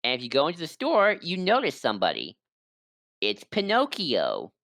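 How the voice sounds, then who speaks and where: A woman podcast co-host recapping a game plot in casual chat, rambling with quick asides, close on a desk microphone. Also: lowish voice, huge pitch swings, vocal fry, a bit bright, dry recording.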